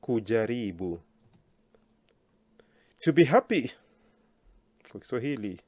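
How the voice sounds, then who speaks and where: A man teaching a language lesson, slowly enunciating words for learners to repeat and praising them often. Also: mid-range voice, expressive, darkish tone, dry recording.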